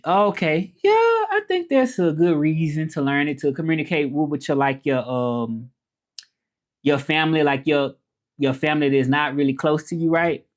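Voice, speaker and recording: A man's voice: a little high, lively intonation, normal speed. A man chatting casually on a live stream, rambling along, greeting viewers by name and trying out French phrases. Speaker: livestreamer.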